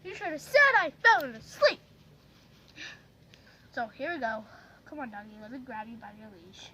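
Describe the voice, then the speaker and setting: A woman narrating a pretend-play video to her viewers, excitable and chatty. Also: fairly high pitch, normal speed, a little hiss or hum. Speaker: vlogger narrating toy play.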